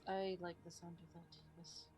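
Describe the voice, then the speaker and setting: A woman playing a tabletop game, tossing off quick playful remarks. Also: fairly low pitch, level tone, a little mellow. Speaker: player. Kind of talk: casual tabletop play.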